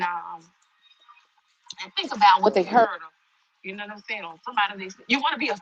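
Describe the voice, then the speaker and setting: A woman's voice: fairly low pitch, poor audio. A middle-aged woman chatting casually on a livestream, a bit out of breath as she walks and reads viewer comments. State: out of breath while walking. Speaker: livestream host. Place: walking through a crowded shop.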